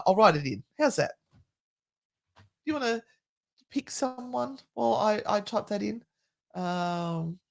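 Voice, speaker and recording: A woman's voice: medium pitch, fairly bright tone. A middle-aged woman co-hosting a paranormal live stream, chatting in a jokey way with the odd swear word. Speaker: paranormal livestream co-host. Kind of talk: casual live-stream chat.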